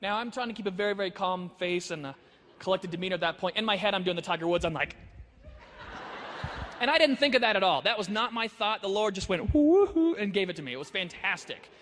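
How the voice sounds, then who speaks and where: Male speaker, storytelling sermon, animated, high voice, echoey hall. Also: quick pace, slight background noise. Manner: animated, acts out dialogue.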